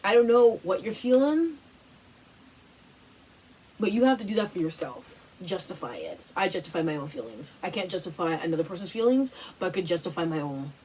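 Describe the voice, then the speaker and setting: A woman talks through a casual motivational workshop, animated and repetitive, her phrasing full of "like" and "you know". She sits a little back from the mic. Faint ambient noise hums behind her. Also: fairly low pitch, fairly quick, recorded from a distance, low-quality recording. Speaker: host of a wellness workshop.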